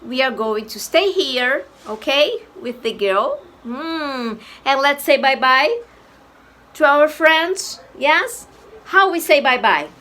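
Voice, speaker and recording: A woman teacher with a Brazilian accent, a native Portuguese speaker, giving a slow, coaxing English lesson to babies. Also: high-pitched, animated, pushed and bright. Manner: slow, coaxing, playful animal noises.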